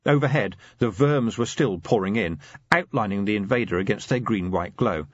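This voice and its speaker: Husky male audiobook narrator, lively delivery, dry and slightly dull recording. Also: lowish voice, moderate pace, no room sound. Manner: lively, expressive storytelling. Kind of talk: scripted narration.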